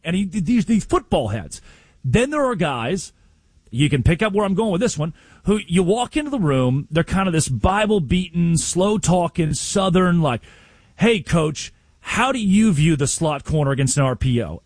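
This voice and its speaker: A man with a high, slightly rough voice co-hosts a casual sports talk show, speaking at a moderate pace in a dry recording. He's an animated storyteller who acts out the coaches he quotes and often restarts his sentences.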